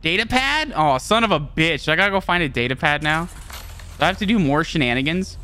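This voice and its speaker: A streamer giving live gameplay commentary, excitable, laughing often, swearing and talking to chat. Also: mid-range voice, fairly quick, a little hiss or hum.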